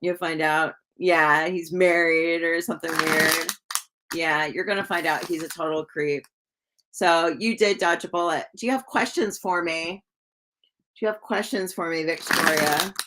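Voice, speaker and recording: A woman giving live-stream tarot readings in a chatty, gushing way, full of likes and ums and quick laughs. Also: lowish voice, fairly even intonation, background noise. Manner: chatty, warm to viewers, laughs often. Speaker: tarot reader.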